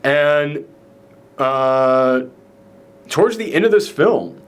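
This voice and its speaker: A man's voice: a little high, animated, very slow, clean tone. A man hosting a casual movie reaction chat, enthusiastic and rambling, with lots of fillers and restarts. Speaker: film review show host.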